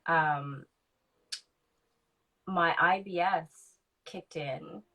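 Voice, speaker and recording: A woman in her forties with a fairly low voice speaks as a podcast guest. She tells a candid personal story in a reflective way, with many ums, and acts out remembered conversations. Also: extremely slow, dull audio.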